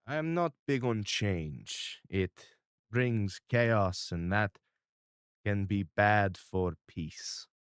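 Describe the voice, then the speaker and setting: A man voicing a stiff, formal, middle-aged boss who is wary of change and speaks in a measured way. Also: on the low side, expressive, clean tone, no room sound, clean studio sound.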